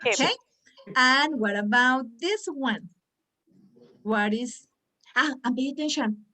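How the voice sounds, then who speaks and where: Lively woman coaching pronunciation, slightly high voice. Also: slow. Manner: animated, coaxing, repeats words for the group. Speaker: pronunciation trainer for teachers. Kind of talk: lively online teaching workshop.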